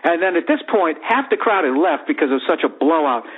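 A man's voice: a little high, fairly quick. A man in his forties telling a profane, comedic story on his podcast and acting out the other people in it. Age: 40s. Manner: profane, animated, acts out voices in the story. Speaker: podcast host. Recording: tinny phone-like sound.

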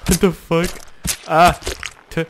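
A young man doing loud, excitable gaming commentary, swearing, yelping and shouting as he plays. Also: a little high, takes it slowly, background noise. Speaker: gaming YouTuber.

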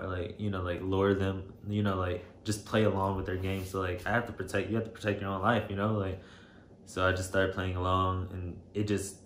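A man telling a personal story to camera, shaken and emotional, halting and hesitant with many fillers. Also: low-pitched. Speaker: vlogger. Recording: roomy echo, faint background noise.

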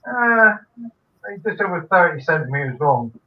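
A man's voice: on the high side, big pitch swings, moderate pace. Hesitant man, distant tinny call. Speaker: guest on a live stream. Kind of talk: casual chat.

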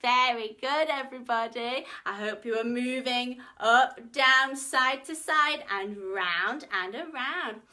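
A woman's voice: fairly high pitch, takes it slowly, few pauses. A woman with a Northern English accent leading a home workshop for toddlers and their families, singing nursery rhymes and calling out movement games in a coaxing, sing-song way. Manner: bright sing-song coaxing, gasps and cheers. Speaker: children's workshop leader. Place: home room, live stream. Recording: faint ukulele playing behind her.

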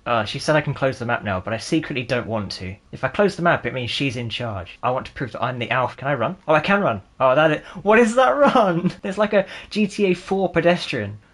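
A man's voice: mid-range voice, lively intonation, a little fast, few pauses, a bit bright. A man in his twenties giving sarcastic, jokey let's-play gaming commentary and laughing often. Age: 20s. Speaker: gaming channel host.

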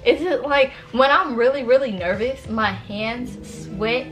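A young woman from Sacramento in her early twenties, telling a story to camera in a casual, chatty way. Her voice sits a little high, and she keeps filling the gaps with "like" and calling out to her viewers. Faint music plays underneath. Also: unhurried, hardly any pauses, a bit bright. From Sacramento, California. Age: early 20s. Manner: chatty, filler-heavy, addresses viewers as y'all. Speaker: vlogger.

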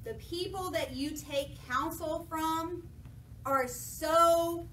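Woman preacher, high bright voice, lively and jokey, heard from a distance in an echoey church. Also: takes it slowly, a little hiss or hum. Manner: lively, jokey, acts out voices of people in the story. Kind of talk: sermon with playful paraphrase.

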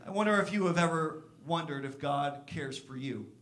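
A man's voice: normal speed, a bit bright. A pastor preaching a sermon in church, earnest, sometimes acting out the complaints of the people he speaks about. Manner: earnest, acts out Martha's complaints with raised pitch.

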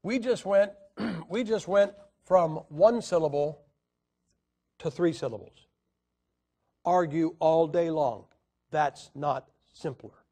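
Male preacher, high voice, combative teaching tone with lots of "uh" pauses. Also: dark tone. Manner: argumentative, rhetorical questions, hesitant fillers. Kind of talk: Bible teaching lecture.

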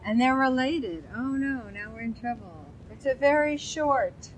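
Slow-talking woman teaching Hebrew. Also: high-pitched, a little hiss or hum, poor audio. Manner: chatty, asks the class questions, loose asides. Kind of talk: informal classroom Bible lesson.

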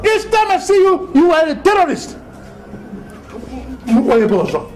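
A man's voice: very high voice, sing-song, a little slow, reverberant, exaggerated voice. A man playing an indignant father who barks orders at a suitor in a comedy film. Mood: angry. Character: stern angry father chasing off a suitor. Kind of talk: Nollywood comedy film acting.

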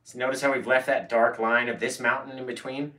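A man's voice: medium pitch, fairly quick, recorded from a distance. Playful man teaching painting, roomy sound. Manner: playful and excitable, echoes words back. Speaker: painting instructor. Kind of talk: live painting tutorial.

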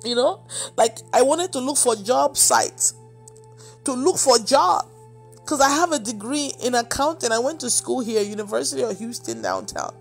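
A woman's voice: a little high, big pitch swings, moderate pace, gravelly, faint music behind. A woman preacher giving an emotional testimony, acting out the dialogue as she tells it. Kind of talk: testimony sermon.

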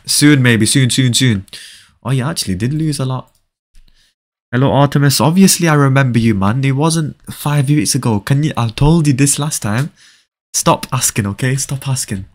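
A young man chatting casually with viewers during a live game stream, often repeating short phrases. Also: medium pitch.

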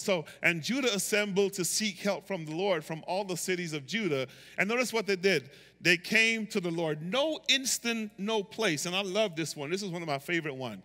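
A male pastor preaching a sermon, reading scripture and building to emphatic, animated calls. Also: sits high, in a large hall. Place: church sanctuary.

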